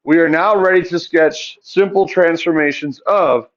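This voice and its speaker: A man's voice: a little high, moderate pace, highs cut off. A male math teacher lecturing a classroom, asking the students questions and answering them himself.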